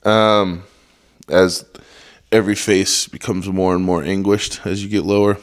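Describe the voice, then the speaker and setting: A man's voice: deep voice, level tone, measured pace. A young man hosting a solo comedy podcast, swearing a lot and mocking what he reads in a sarcastic rant. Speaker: podcast host.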